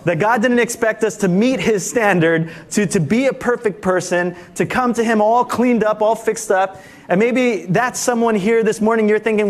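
Brief: man with a high voice, emphatic preacher who keeps asking for amens, sermon delivery. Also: normal speed. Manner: emphatic, repeatedly asks "Amen?". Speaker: pastor. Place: church service.

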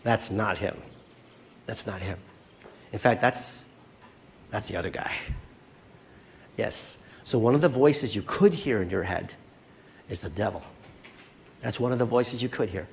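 Animated, conversational male pastor preaching. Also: fairly low pitch, a little slow, creaky, pauses often, a little hiss or hum. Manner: conversational and animated, checks in often with "right?". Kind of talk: sermon.

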